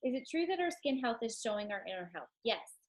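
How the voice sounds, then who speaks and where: A woman's voice: fairly high pitch, big pitch swings, fairly quick, rough recording. A chatty, enthusiastic woman with a stuffed-up nose, talking casually to her team on a live stream, with many ums.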